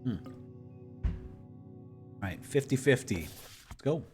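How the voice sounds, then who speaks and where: A man's voice: mid-range voice, animated, slow pace, over loud music. A man giving casual gaming commentary while playing a story game, chatty and easily amused. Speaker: gamer reading a story game.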